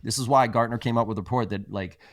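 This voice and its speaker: A man's voice: medium pitch, fairly even intonation, fast talker, no room sound, clean studio sound. A man who is a guest on a podcast about sales, telling stories in a blunt, emphatic and often profane way. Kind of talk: casual interview chat.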